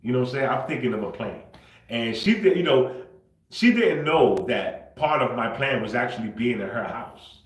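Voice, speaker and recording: A man hosting a livestream, talking unscripted and confrontationally, swinging between low muttering and loud outbursts. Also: expressive, normal speed, reverberant, rough recording. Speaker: livestream host.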